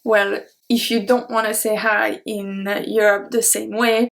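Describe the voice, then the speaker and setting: A woman's voice: mid-range voice, level tone, unhurried, creaky. A woman who speaks natively, teaching in a chatty way and repeating each word for practice. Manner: chatty, explains with examples and repeats words. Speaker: French teacher. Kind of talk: casual video lesson. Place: home in Canada.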